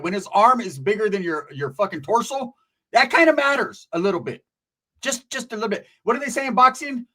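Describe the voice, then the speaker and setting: A man's voice: sits high, brisk. Streetwise man telling a prison story. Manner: streetwise, profane, animated impressions.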